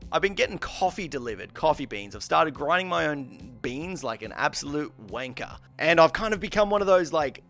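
Animated man ranting. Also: medium pitch, vocal fry. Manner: exasperated, animated, swears freely. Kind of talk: casual storytelling monologue.

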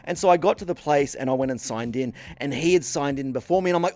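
A man's voice: on the high side, quick pace, hardly any pauses, no echo. A man co-hosting a casual podcast chat, telling a rambling story, swearing freely and acting out what people said. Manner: animated, swears freely, acts out quotes in character. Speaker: podcast co-host.

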